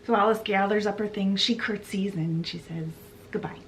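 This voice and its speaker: A woman's voice: medium pitch, steady tone, moderate pace, slight background noise. Chatty woman recapping a book. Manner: chatty, with fillers and asides. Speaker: book vlogger.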